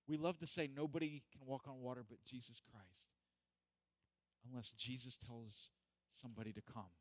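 A man's voice: medium pitch, steady tone, moderate pace, no echo. A man preaching a sermon, earnest and repetitive, building to emphatic peaks.

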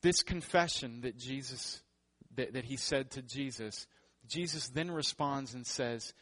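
A man's voice: mid-range voice, unhurried, fairly bright tone. A man preaching a sermon in a joking, conversational way. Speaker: pastor.

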